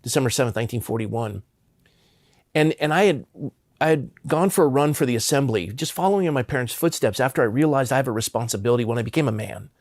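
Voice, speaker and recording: A man's voice: mid-range voice, expressive, fast talker, darkish tone, no room sound, clean studio sound. Earnest pastor man in his fifties. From Southern California. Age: 50s. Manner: earnest, impassioned. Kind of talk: personal storytelling in an interview.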